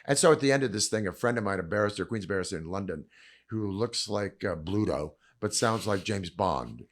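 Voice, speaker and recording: An older man, a podcast guest, telling stories in animated conversation, acting out quotes with sudden loud bursts and dropping low for asides. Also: brisk. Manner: acts out quotes with big swings in pitch and loudness; drops low and quiet for asides. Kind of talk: animated storytelling chat.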